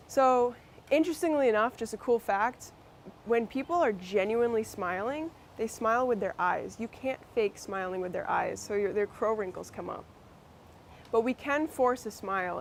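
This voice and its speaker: A woman's voice: mid-range voice, slight background noise. A woman with a Massachusetts accent presenting a workshop, talking conversationally with fillers and restarts. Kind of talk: instructional workshop talk.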